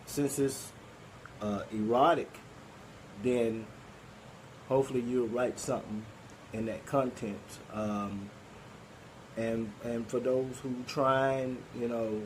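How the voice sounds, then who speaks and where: Over poor audio with slight background noise, a man with a mid-range, darkish voice and a Southern Arkansas accent hosts a poetry group. He talks casually on a live stream, rambling with many fillers and restarts.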